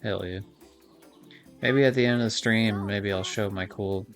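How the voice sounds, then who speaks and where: A young man streams a kart racing game, rambling casually through his commentary with plenty of fillers and swearing. His voice is on the low side, steady in tone and a little slow, with soft music in the background.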